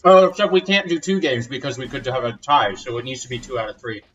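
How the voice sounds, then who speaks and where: A man joking around as a guest on a gaming video, animated and teasing. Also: medium pitch, fast talker, dull audio, a little hiss or hum. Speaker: podcast guest. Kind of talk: casual gaming chat.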